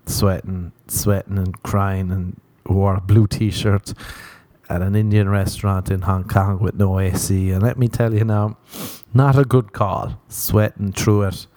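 A man's voice: low voice, a little mellow, no echo. A young man hosting a podcast, telling a profane, self-mocking comic monologue and acting out voices as he rambles. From Ireland. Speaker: podcast host.

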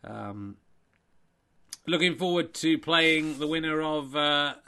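A paranoid male snooker player convinced of plots against him, voiced by a man close to his own voice. He speaks in a low-key, conspiratorial mutter within a comic commentary improv. The voice sits a little high for a man. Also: expressive, slow, bright, forceful tone, full character voice.

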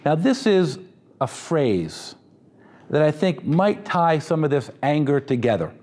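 A man's voice: on the high side, very animated, a little slow, a little mellow. A man preaching a sermon in a conversational, humorous style, with asides to the congregation. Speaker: pastor.

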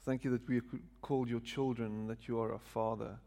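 A man's voice: mid-range voice, level tone, fast, creaky, warm tone. A man, a pastor who jokes with his congregation and then leads a prayer. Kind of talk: sermon with prayer. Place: church before a live congregation.

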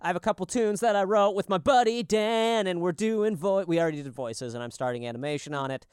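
A man's voice: sits high, fast talker, clean tone, dry recording, clean studio sound. A man co-hosting a podcast in casual chat, rambling and swearing often as he tells stories. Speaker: podcast co-host. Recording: lo-fi podcast audio.

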